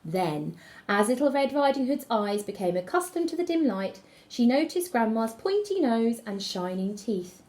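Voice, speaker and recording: A woman teacher reading a fairy tale aloud to children, with expressive storytelling. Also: a little high, normal speed. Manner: expressive storytelling, gasps and whispers.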